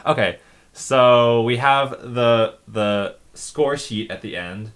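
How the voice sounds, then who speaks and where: A man's voice: mid-range voice, slow. A man casually commenting on his own comics, chatty with lots of fillers. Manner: chatty, lively, frequent laughs and fillers.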